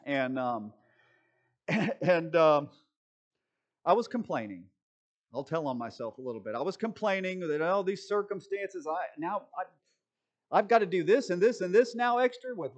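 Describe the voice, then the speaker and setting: A man preaching a conversational sermon, full of self-deprecating asides, and often checking in with his listeners. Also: fairly high pitch. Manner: chatty, self-deprecating asides and frequent "right?" check-ins. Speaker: preacher teaching a Bible study.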